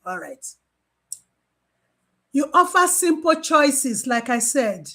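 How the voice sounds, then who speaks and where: High-voiced woman teaching. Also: slow pace, pauses often. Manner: animated, repeats key phrases, acts out exchanges with patients. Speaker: mental health nurse and trainer. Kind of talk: informal training talk.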